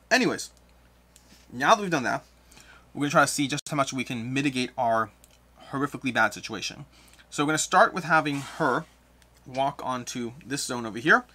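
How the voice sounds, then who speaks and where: A man's voice: mid-range voice, lively intonation, brisk, pauses often, bright, forceful tone. A man hosting a board game playthrough, explaining each move and thinking aloud over the rules. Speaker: board game player and host.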